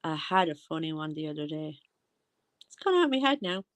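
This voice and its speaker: A woman's voice: sits low, sing-song, brisk. A woman with an Irish accent giving casual, rambling commentary and often losing her train of thought. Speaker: commentary vlogger.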